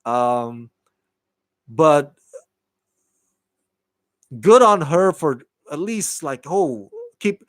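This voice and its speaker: An animated man talks through his take on a TV episode, swearing freely and slipping into quick impressions of the characters. His voice sits a little higher than most men's. The sound is dry and close, with no room echo. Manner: animated, swears freely, laughs, acts out quotes. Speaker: TV show reviewer. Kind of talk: casual solo review.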